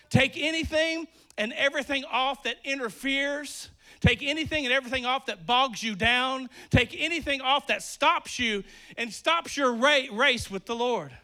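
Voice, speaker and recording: A man preaching a sermon with lots of energy, swinging between loud emphasis and quiet asides, a bit out of breath. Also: very high-pitched.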